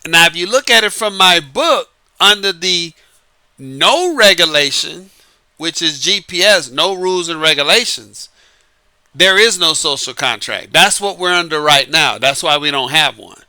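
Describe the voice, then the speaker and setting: Man, New Orleans Southern accent, slightly high voice, smooth resonant tone, emphatic, casual advice monologue. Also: lively intonation, a little slow, pushed and bright, no room sound. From New Orleans, Louisiana. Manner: emphatic, repeats key points, chuckles between lines. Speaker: dating advice author.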